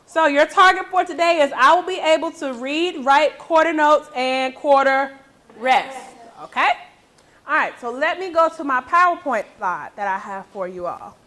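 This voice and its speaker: Bright-voiced woman teaching a music class. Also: sits high, normal speed, low-quality recording. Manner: encouraging, checks in with frequent "okay?". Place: school classroom.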